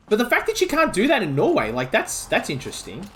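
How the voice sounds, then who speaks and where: An Australian man chats casually while streaming a video game, speaking into a desk mic. His voice sits slightly higher than most men's. He rambles, restarts sentences and pads them with fillers. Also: wildly swooping pitch, quick pace, few pauses, fairly bright tone, a little hiss or hum.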